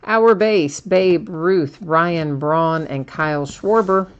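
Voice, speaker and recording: A woman's voice: fairly low pitch, slow, clean tone, dull audio. A woman hosting a live card-break stream, chatting casually, laughing often and reading viewer comments aloud.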